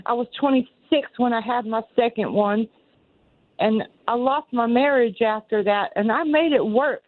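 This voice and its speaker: A Southern woman in her sixties phones in to a radio program and tells her story in an earnest, rambling way, frequently repeating herself. Her voice leans high and her pace is moderate, and the phone line sounds tinny.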